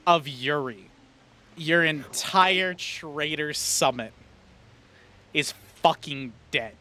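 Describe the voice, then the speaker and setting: A man's voice: on the high side, drawn-out words, sharp tone. A man narrating as game master of a tabletop game in a casual, swearing style.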